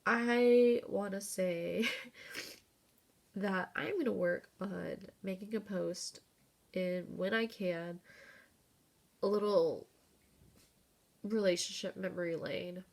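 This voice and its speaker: Woman, 30s, gravelly, lowish voice, rambling candid vlog talk, tearful. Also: slow pace, long pauses. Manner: rambling and candid, with fillers and swearing. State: tearful, close to crying. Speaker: vlogger. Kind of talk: casual personal vlog.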